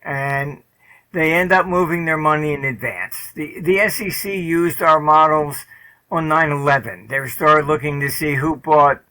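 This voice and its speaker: An older man speaks as an interview guest, blunt and loose, full of fillers and the odd swear. His voice is bright and forceful, sitting a little higher than most men's. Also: steady tone, unhurried, poor audio. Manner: blunt, rambling, many "um" and "you know" fillers, swears. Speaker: interview guest, market forecaster. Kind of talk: casual interview talk, storytelling.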